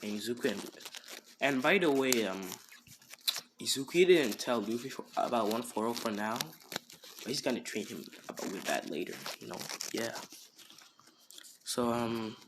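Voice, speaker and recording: A man's voice: mid-range voice, expressive, normal speed, long pauses, noisy background. A man casually improvising a fan story, rambling with many fillers like "you know" and "basically".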